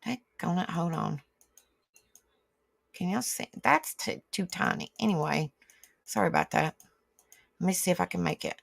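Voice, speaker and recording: A woman's voice: lowish voice, normal speed, vocal fry, long pauses, dry recording. A woman hosting a live stream, ranting indignantly and swearing as she talks straight to her viewers. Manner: indignant, rambling, swears freely; talks back to online comments. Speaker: livestream host.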